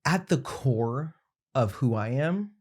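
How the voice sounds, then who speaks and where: A man speaking as a podcast guest, thoughtful and reflective, often halting and restarting his sentences. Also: mid-range voice, animated, a little mellow, husky. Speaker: podcast guest, makeup artist.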